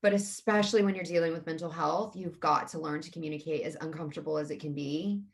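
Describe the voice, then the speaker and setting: A woman in her thirties, a guest in an interview, speaking openly and earnestly about her feelings. Her voice sits a little low for a woman. She talks in a candid, conversational way. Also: steady tone, fast, gravelly.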